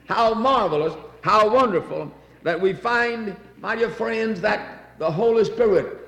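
A man's voice: high-pitched, unhurried, creaky, fairly bright tone, muffled recording. A man preaching a sermon in a church, fervent and repetitive, reading scripture aloud between exclamations. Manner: fervent, repeats phrases, reads scripture aloud. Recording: echoey hall.

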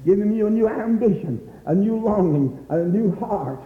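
A man preaching a fervent revival sermon, crying out praise, repeating "my dear friend," and rising into shouts. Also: sits high, lively intonation. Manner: rises into shouts and slows for emphasis. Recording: dull, echoey hall recording.

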